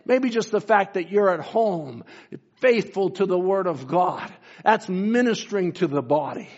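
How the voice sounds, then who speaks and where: Male preacher, higher-pitched, fervent sermon delivery, muffled lo-fi audio. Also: expressive, unhurried, a little mellow. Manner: fervent, rising and falling emphasis. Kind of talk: sermon with read-aloud quotes. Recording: dull lo-fi sound.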